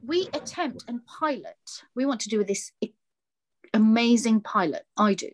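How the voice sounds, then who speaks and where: A woman from London, a guest founder, talks about her fashion brand in a slightly high, expressive voice at a slightly slow pace. Her passionate interview talk is emphatic and impassioned, and she often acts out conversations, voicing dialogue in quotes.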